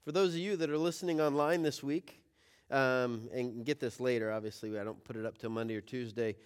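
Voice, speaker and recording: A man's voice: mid-range voice, fairly even intonation, a little fast, clear, resonant tone. A male pastor giving a conversational sermon to his congregation, mixing family stories with scripture. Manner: conversational preaching with anecdotes. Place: church room with congregation. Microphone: forgot microphone, picked up by room audio.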